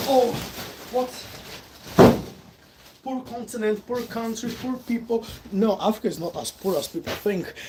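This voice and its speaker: Man with a Brazilian accent, noisy recording. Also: high voice. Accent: Brazilian Portuguese. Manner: emphatic, rhetorical questions, repeats points. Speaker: vlogger. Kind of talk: opinion monologue to camera. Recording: loud background noise with clicks.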